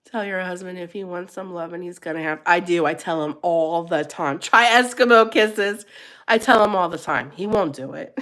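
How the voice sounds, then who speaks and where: A middle-aged woman hosting a casual livestream chat, animated and laughing often, going high and squealy when she quotes herself. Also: normal speed. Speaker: livestream host.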